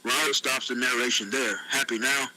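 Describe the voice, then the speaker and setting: A synthetic male voice from an AI chatbot reading story narration in an even, flat way. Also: medium pitch, normal speed, noisy background.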